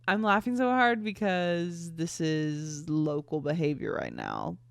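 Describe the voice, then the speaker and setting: A woman's voice: deep voice, big pitch swings, unhurried, vocal fry, dry recording, clean studio sound. A tipsy young woman from North Carolina, hosting a podcast and reading her teen fanfic aloud with giggly, self-mocking asides. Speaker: podcast host.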